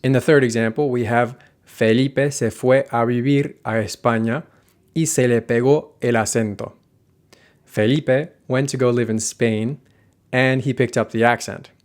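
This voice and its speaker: A man teaching a language lesson, explaining grammar clearly and step by step and slowing down for example sentences. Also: mid-range voice, fairly even intonation, darkish tone.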